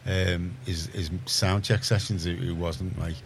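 Deep scouse guy hosting community radio, keeps restarting his sentences. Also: flat delivery, measured pace, slight background noise. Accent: Liverpool (Scouse). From Liverpool, England. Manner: chatty, rambling, frequent restarts. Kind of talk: casual studio chat. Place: radio studio.

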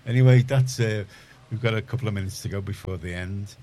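Rambling Liverpool-accented radio host, deep voice. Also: male voice, fast, mellow, a little hiss or hum. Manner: rambling, self-correcting, gets heated and emphatic. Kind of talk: casual radio chat. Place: radio studio.

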